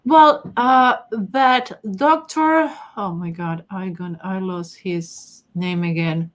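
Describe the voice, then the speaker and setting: A woman's voice: mid-range voice, takes it slowly. A woman with a strong non-native accent hosts a casual live session. She chats loosely, reads out viewer comments and answers them as she goes. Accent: non-native English. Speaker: host and face-reading teacher. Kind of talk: casual live-stream talk.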